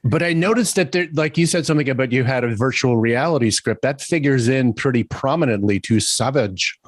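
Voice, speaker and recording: A man's voice: medium pitch, fairly quick, dry recording. A man hosting a casual interview, asking questions and dropping wry jokes. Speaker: interview host.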